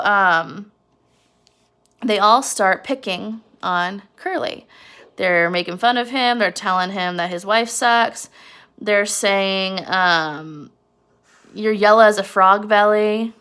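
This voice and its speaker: A woman's voice: medium pitch, gravelly, fairly bright tone. A woman teacher casually retelling a novel chapter, explaining and checking in with her listeners. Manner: chatty, explanatory, frequent check-ins like "right?". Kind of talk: casual recorded lesson summarizing a novel chapter.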